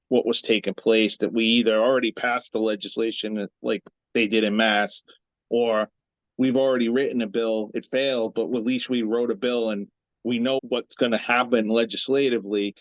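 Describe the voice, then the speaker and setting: A male dental association president giving measured answers in an interview and asking rhetorical questions. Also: mid-range voice, no echo, dull audio.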